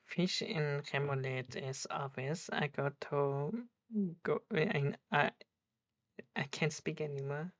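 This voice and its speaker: Low-voiced woman, slow halting reaction. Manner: halting, searching for words, with restarts. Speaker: streamer reacting to a video. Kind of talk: casual reaction commentary.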